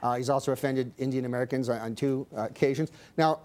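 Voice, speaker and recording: A man's voice: medium pitch, steady tone, quick pace, darkish tone. A man hosting a comedy panel show, speaking with a dry, wry delivery. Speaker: host.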